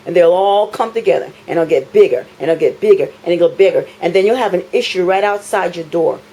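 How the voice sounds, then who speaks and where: A woman's voice: fairly low pitch, fast, dark tone, low-quality recording. A woman, filming an impassioned complaint in her apartment, talking indignantly and repeating phrases for emphasis.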